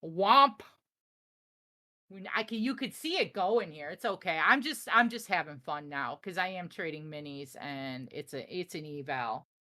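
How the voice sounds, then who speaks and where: A woman's voice: low voice, a little slow. Brash Chicago woman streaming live trades. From Chicago area, USA. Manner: animated, brash and joking with chat. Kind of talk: casual live-stream chat while trading.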